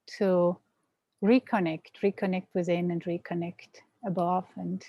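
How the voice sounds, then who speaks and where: A woman's voice: fairly low pitch, little pitch movement, measured pace, warm tone. A woman as a guest on a live stream, talking earnestly about a meditation practice. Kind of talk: casual chat.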